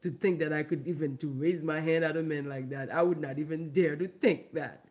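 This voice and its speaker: A woman from Haiti, a vlogger and comedian, ranting loudly and emphatically with a lot of laughter. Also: fairly even intonation, fairly quick. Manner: loud, emphatic, profane, laughing, big pitch swings. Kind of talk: ranting commentary vlog.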